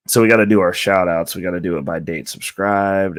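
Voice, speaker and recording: A man with a low, dry voice hosts his own crypto channel from close to the mic. He sounds stuffy and his voice is nearly spent. He still rambles along casually, full of fillers and restarts, with an upbeat push toward his viewers. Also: steady tone, normal speed, hardly any pauses, dry recording. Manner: loose and rambling, with many fillers and self-corrections. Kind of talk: casual talk to camera.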